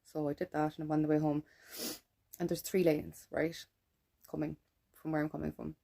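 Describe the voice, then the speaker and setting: Gravelly low-voiced Irish woman ranting. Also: level tone, normal speed, warm tone. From Ireland. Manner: blunt, swears freely, keeps adding "right?". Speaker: vlogger. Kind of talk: ranting monologue to camera.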